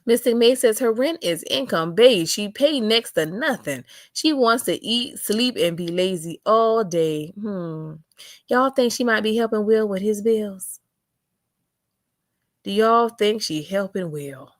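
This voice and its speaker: A sassy young woman reads chat comments on her livestream, drawling out asides. Her voice sits at a middle pitch. The mic is close and dry. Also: expressive, a little slow, no room sound.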